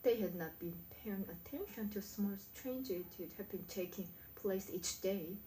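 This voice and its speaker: A woman with a Korean accent reading an English book aloud slowly and carefully, stumbling now and then. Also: mid-range voice, dark tone, reverberant, a little hiss or hum, rough recording. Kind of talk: slow read-aloud practice of a book.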